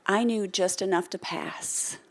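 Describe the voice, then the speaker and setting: An unhurried American woman with a mid-range voice delivers a motivational keynote to a live audience from the stage. She animatedly tells a story, performs the lines of the people in it, and invites the crowd to respond.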